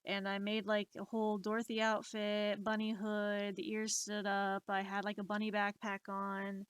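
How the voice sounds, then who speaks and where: A woman in her late twenties telling stories on a live stream, animated and exasperated, swearing freely. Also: medium pitch, normal speed, clean tone. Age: 20s. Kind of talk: casual storytelling.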